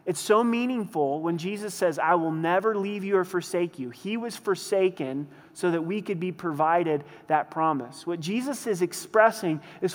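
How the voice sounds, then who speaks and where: A man preaching a sermon as a pastor, earnest, slowing and lifting his voice when he voices quoted prayers. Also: sits high, long reverb tail.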